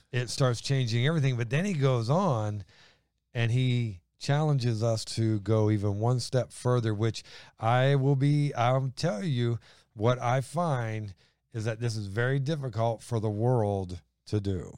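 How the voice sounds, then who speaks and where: A man's voice: medium pitch, unhurried, a little mellow, clean tone, no echo, studio quality. A man hosting a faith talk show, explaining Bible verses in a plainspoken, step-by-step way. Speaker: host and Bible teacher. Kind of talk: casual Bible teaching.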